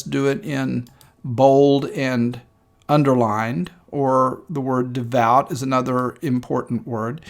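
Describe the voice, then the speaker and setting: A man teaching a screen-recorded lesson, explaining step by step in a measured way with frequent ums and uhs. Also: fairly high pitch. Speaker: instructor.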